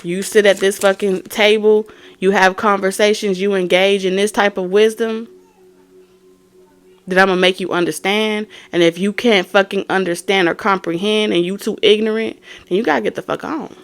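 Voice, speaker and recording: Woman, tarot reader, profane, blunt, scolding, medium pitch. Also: steady tone, moderate pace. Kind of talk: profane tarot reading rant.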